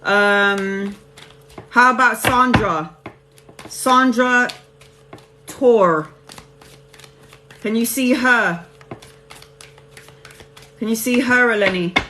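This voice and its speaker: A woman's voice: fairly high pitch, extremely slow, pauses often, background noise. A woman hosting a live tarot reading, chatting casually with viewers and calling them honey and babes.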